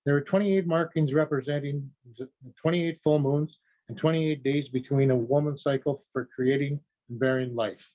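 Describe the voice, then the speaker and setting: A man giving a talk on traditional teachings and telling a story, in a slow, measured way. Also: fairly high pitch, fairly even intonation, mellow. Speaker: conference speaker. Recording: dull lo-fi audio.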